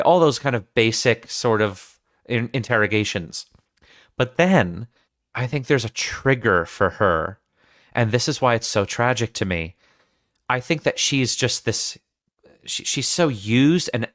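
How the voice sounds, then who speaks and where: A man's voice: mid-range voice, animated, a little slow, a bit bright, no echo, studio quality. A man hosting a podcast, talking through a film scene in earnest, analytical casual chat, often restarting his sentences. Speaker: podcast host.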